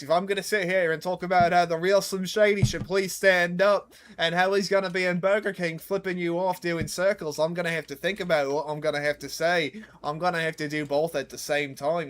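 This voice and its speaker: A man's voice: high-pitched, steady tone, brisk, few pauses, natural voice. A man voicing a boisterous Australian bushman with a put-on Australian accent, rambling and jokey. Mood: goofy.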